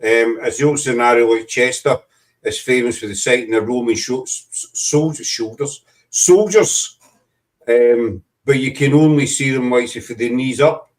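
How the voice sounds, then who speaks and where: A man from Glasgow with a Scottish accent, hosting a casual chat show and talking in a halting, rambling, teasing way. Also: mid-range voice, recorded from a distance. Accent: Scottish, West of Scotland. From Glasgow, Scotland. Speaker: host.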